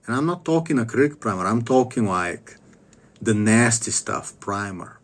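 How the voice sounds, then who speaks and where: A man delivering a rambling, profane self-help monologue to the camera, blunt and crude, often clearing his throat and coughing. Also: lowish voice, animated, normal speed. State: coughing after a dental visit.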